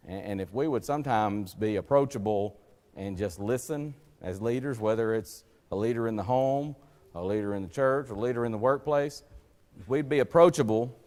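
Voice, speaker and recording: A man preaching a folksy, conversational sermon, acting out the voices he quotes and swinging between loud emphatic lines and hushed, low passages. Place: church sanctuary. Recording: long hall reverb.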